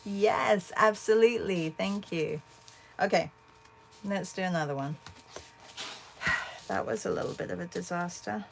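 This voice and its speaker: A woman's voice: lowish voice, unhurried, creaky, pauses often, slight background noise. A woman hosting an art livestream, chatting casually and answering viewers as she paints. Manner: chatty, thinks aloud and answers viewers' comments.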